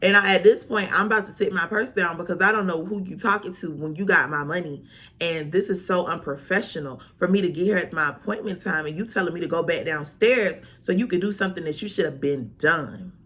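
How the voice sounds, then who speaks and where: A woman vlogger tells a storytime in a sassy, animated way, packed with slang. Her voice sits a little low but comes across bright and forceful. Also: fairly quick, breathy edge. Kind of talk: storytime vlog.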